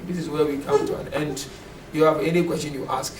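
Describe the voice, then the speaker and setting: High-voiced man teaching in an echoey room. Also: flat delivery, fairly quick. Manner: conversational, often asks the class "you know". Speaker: religious teacher. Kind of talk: classroom lecture on scripture. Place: classroom at a community center. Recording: echoey room from far off, faint noise.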